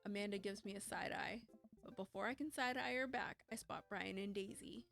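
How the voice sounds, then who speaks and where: Playful woman with vocal fry. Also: medium pitch, fairly quick, fairly bright tone, faint music behind. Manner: playful, wry asides. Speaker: streamer. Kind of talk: reading a dating sim aloud.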